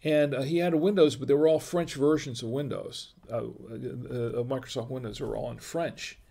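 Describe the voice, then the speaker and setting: Gravelly man rambling on a livestream. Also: medium pitch, fairly even intonation, moderate pace, warm tone. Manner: rambling, many restarts and fillers; reads viewer chat aloud. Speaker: livestream wine show host. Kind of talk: casual livestream chat.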